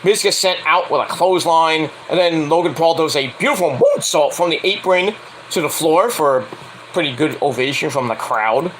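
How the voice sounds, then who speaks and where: A man's voice: a little high, normal speed, a bit bright, a little hiss or hum, poor audio. A man casually recapping a wrestling event in a blunt, profane way, now and then acting out quotes in mocking voices. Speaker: wrestling show reviewer.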